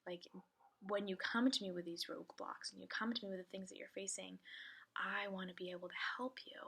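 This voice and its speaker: Chatty breathy woman coaching. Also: medium pitch, steady tone, brisk, a bit bright. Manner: chatty, direct, encouraging, lots of "like". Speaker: business coach. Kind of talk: casual motivational talk to camera.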